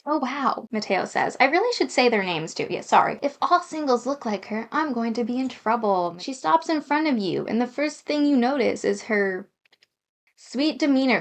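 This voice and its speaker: A woman reading a dating game aloud and commenting in a chatty, self-deprecating, giggly way. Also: fairly high pitch. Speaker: gaming YouTuber.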